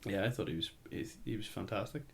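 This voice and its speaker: A man's voice: fairly low pitch, quick pace, gravelly. A middle-aged man co-hosting a podcast, chatting casually about movies and rambling with many fillers. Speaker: podcast co-host.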